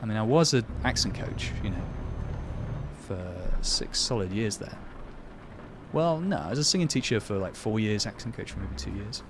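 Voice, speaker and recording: A fairly low-voiced man talks loosely with his stream's chat, self-mocking and easygoing. The steady hum of a driving game plays clearly behind him. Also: normal speed. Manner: chatty, self-deprecating, reads out and answers chat. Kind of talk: casual live-stream chat while playing a truck game.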